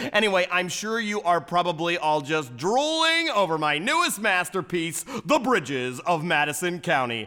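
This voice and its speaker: A man's voice: sits high, pushed and bright, full character voice. A man playing a smug, vain theater composer. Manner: boastful, campy, smug. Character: vain, self-adoring male theater composer. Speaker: stage comedian. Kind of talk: live musical-theater parody. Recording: reverberant theater with faint music.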